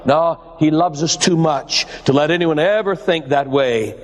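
A man preaching a sermon with dramatic swings of pitch and emphasis, calling his listeners "my dears.". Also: a little slow. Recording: long hall reverb.

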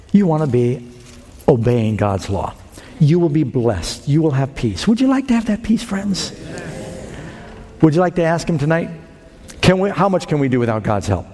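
Guy preaching a sermon, earnest and building, mellow tone, big echoey hall. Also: a little high. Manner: earnest, rising emphatic preaching with pauses. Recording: long hall reverb.

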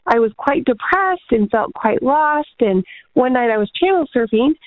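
Female caller, fairly high, tinny phone line, earnest and chatty. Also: animated, moderate pace, dry recording.

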